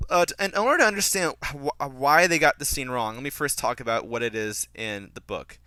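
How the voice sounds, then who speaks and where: A young man gives a casual film commentary with a critical, animated edge. His voice is bright and smooth, recorded close and dry. He talks loosely, with frequent restarts and fillers. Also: medium pitch, brisk, no echo. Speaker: podcast host reviewing a film.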